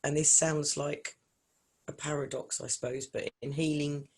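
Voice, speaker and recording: Animated storytelling woman guest. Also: low-pitched, normal speed, husky. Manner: animated storyteller acting out quotes. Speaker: guest, singer and vocal coach. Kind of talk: casual interview chat.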